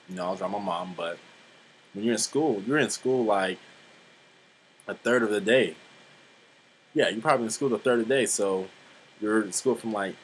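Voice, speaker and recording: A man's voice: low-pitched, fairly bright tone, a little hiss or hum, rough recording. A man in his twenties talking in a casual vlog monologue, rambling and blunt, swearing freely, with many fillers. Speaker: vlogger.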